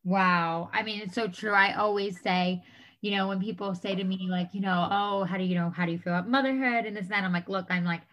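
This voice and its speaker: A woman's voice: mid-range voice, fairly even intonation, a little fast, fairly bright tone. A woman hosting a podcast, chatting in a gushing way with many fillers. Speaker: podcast host. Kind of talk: casual chat.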